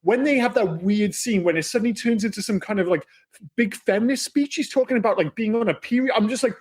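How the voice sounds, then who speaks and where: Casting note: a high, husky man as a blunt, sweary podcast co-host, recorded very dry and close. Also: fast, dry recording. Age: adult, married. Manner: blunt, sweary, animated storytelling. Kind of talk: casual film discussion.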